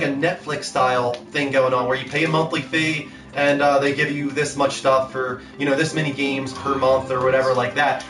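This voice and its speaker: A man's voice: fairly high pitch, reverberant. A man hosting a gaming talk show in casual, upbeat chat, laughing easily. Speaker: podcast host.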